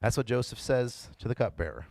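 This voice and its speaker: A man's voice: mid-range voice, animated, a little fast, darkish tone, dry recording. A man pastor giving a casual, conversational sermon and retelling the story in his own words. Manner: conversational, playfully voices the characters he quotes.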